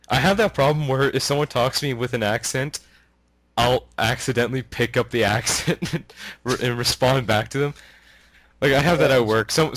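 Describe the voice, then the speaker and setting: A man's voice: mid-range voice, a bit bright, dry recording. A man from Canada hosting a casual podcast, rambling with many fillers and frequent laughs. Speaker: podcast host.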